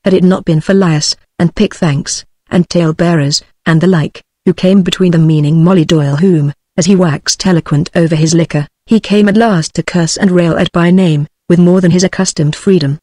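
A synthetic audiobook voice reads the story in a steady, middle-pitched tone. The sound is close and dry, with no room around it. Its delivery is even and machine-made throughout. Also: dry recording. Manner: even synthetic text-to-speech reading. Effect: text-to-speech voice. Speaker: audiobook narrator. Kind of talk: scripted narration.

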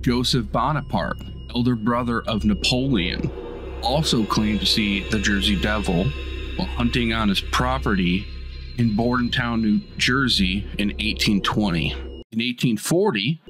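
A man hosting a podcast, telling a folk legend in a steady, matter-of-fact way between jokes with his co-hosts. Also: on the low side, measured pace, music in the background. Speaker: podcast host. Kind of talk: storytelling narration with banter.

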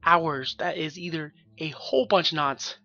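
A man's voice: on the high side, normal speed, pushed and bright, lo-fi sound. Sweary, sarcastic young man gaming. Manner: joking, swears often, rambling. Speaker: let's play gamer. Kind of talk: profane sarcastic game commentary.

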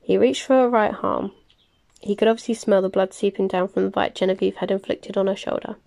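A woman reading a novel aloud, plain and unhurried, with small slips she corrects as she goes. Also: medium pitch, fairly even intonation, gravelly, dark tone. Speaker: reader. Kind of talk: audiobook-style novel reading.

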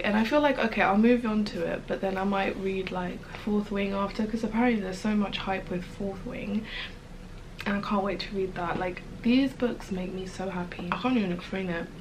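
A young woman chatting casually in a home vlog about a book she loves, gushing and excited, and sometimes dropping to a soft whisper. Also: mid-range voice, a little hiss or hum, poor audio. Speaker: book vlogger.

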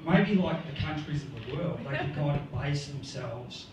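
A man's voice: fairly high pitch, moderate pace, a little mellow. A man with an Australian accent doing a rambling stand-up set, laughing at his own jokes. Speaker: stand-up comedian. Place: comedy club stage. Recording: echoey room, far mic, noisy.

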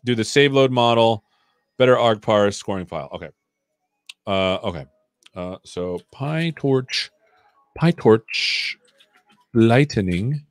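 A man's voice: mid-range voice, smooth, dry recording, clean studio sound. A man hosting a live coding stream, chatting casually and joking while he thinks aloud.

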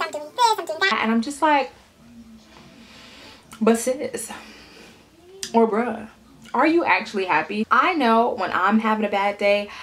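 A woman's voice: a little high, a little hiss or hum. A young woman vlogger chatting casually and telling stories while she eats, acting out the voices of people she quotes.

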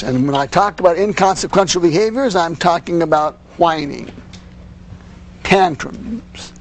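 A man's voice: fairly high pitch, a little hiss or hum. A man giving a lecture to parents on handling children's behavior, earnest and explanatory, often adding "you see". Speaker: parenting instructor.

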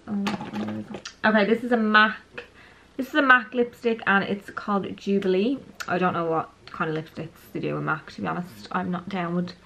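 A woman's voice: medium pitch, creaky, fairly bright tone, slight background noise, rough recording. A young woman casually chatting through her everyday makeup routine while she applies it. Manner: chatty, self-aware, talks while applying makeup. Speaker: beauty vlogger. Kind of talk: casual makeup tutorial chat.

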